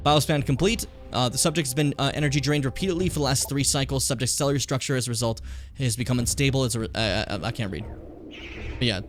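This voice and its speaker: A man's voice: mid-range voice, fast talker, soft background music. A tired man in his late twenties, streaming a game casually, swearing freely and stumbling as he reads on-screen text aloud. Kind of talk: casual gameplay commentary.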